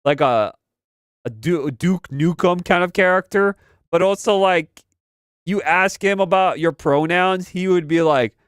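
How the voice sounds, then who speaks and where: Rambling young man streaming, smooth voice. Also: sits high, measured pace, no room sound, studio quality. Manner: rambling, repeats phrases, slangy. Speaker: live-stream host. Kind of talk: casual pop-culture commentary.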